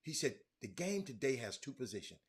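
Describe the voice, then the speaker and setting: Very animated and brisk, a middle-aged sports talk host speaks in a mid-range voice on a casual stream. Reading viewers' comments aloud, he regularly trails off into a mutter.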